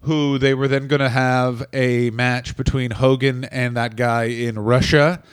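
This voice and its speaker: A man's voice: medium pitch, flat delivery, unhurried, smooth, no echo. A man in his thirties co-hosting a comedy podcast, ranting in casual chat with profane bursts of mock outrage. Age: 30s.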